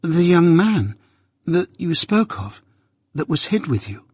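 A man's voice: a little high, sing-song, takes it slowly, a little mellow, husky, no room sound, studio quality, voice pushed up, heavily acted. A man voicing a timid, hesitant young boy.

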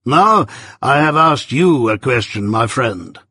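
A man doing a stern, slow-spoken lawyer. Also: mid-range voice, animated, pushed and bright, slightly rough, no room sound, studio quality, full character voice. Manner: slow, emphatic cross-examining delivery. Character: stern, deliberate middle-aged male lawyer.

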